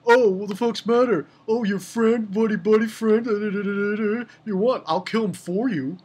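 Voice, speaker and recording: Casual: woman playing arrogant fighter guy, mocking and taunting, husky, swings up high. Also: moderate pace, darkish tone, lightly acted. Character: cocky taunting young man warrior, arrogant.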